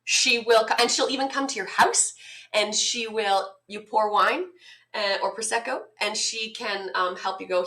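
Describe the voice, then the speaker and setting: A bubbly, enthusiastic woman chats as an interview guest in her morning voice. Her tone is bright and forward. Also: medium pitch, normal speed. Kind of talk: casual interview chat. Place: home.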